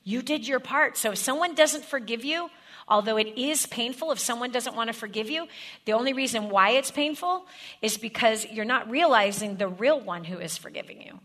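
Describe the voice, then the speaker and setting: A woman's voice: on the high side, expressive, normal speed, fairly bright tone. A woman preaching a sermon, directly coaching her listeners with step-by-step scripts and repeated questions.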